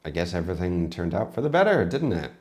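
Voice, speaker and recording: Deep-voiced American chef explaining. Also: male voice, big pitch swings, a little mellow. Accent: American West Coast. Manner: deliberate, explanatory, mildly scolding. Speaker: chef reacting to a video. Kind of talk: reaction commentary.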